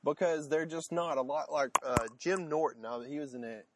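A man's voice: fairly high pitch, moderate pace, noisy background. A man co-hosting a podcast in casual chat, rambling with fillers and restarts. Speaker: podcast co-host.

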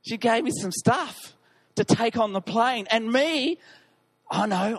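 A man preaching as a pastor, telling a personal story in an animated, self-deprecating way. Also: very high-pitched, slow.

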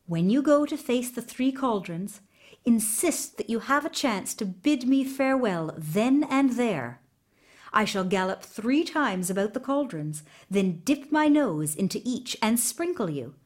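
A woman voicing a gentle, wise little male horse who speaks slowly and soothingly in a storybook reading. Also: fairly high pitch, lively intonation. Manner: soothing, slow and reassuring.

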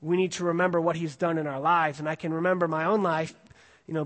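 A male pastor with a fairly high voice gives a relaxed, conversational sermon, full of fillers and restarts. The sound rings with a long hall reverb, as in a church sanctuary. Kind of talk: casual sermon with scripture reading.

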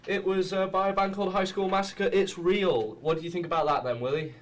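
A man's voice: high-pitched, steady tone, fairly quick. A young man hosting a casual radio show, joking and chatty with stumbling restarts. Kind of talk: casual chat.

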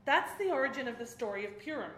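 A woman preaching, retelling a story in a lively way and acting out its voices. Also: high-pitched, fast talker, a little hiss or hum. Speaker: speaker. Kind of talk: sermon storytelling. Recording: echoey hall.

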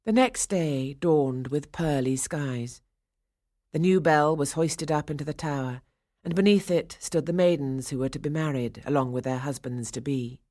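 A woman narrating a ballet storybook in a measured, expressive way. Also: deep voice, dry recording, studio quality.

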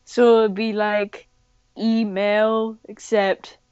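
A woman chatting casually, slow and playful with goofy banter. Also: mid-range voice, flat delivery, darkish tone, clear, resonant tone, no echo. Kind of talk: casual chat. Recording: dull, slightly lo-fi dry mic.

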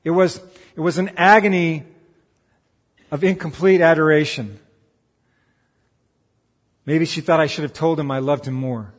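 A man delivering a sermon, swinging from emphatic raised peaks to quiet, earnest asides. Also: on the high side, measured pace, long pauses, long reverb tail. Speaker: pastor.

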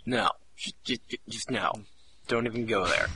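A man's voice: fairly low pitch, unhurried, pushed and bright, slight background noise. A young man co-hosting a casual podcast, teasing his partner and laughing often. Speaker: podcast co-host.

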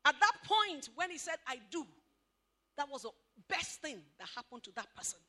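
A woman giving an animated talk at a couples' marriage seminar, questioning the audience and acting out what spouses say. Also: high voice, moderate pace. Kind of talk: lively motivational talk to an audience.

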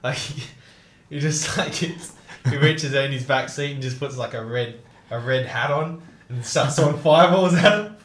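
A man's voice: mid-range voice, unhurried, fairly bright tone, echoey room, a little hiss or hum. A young man telling stories in casual chat, laughing and swearing often. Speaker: co-host.

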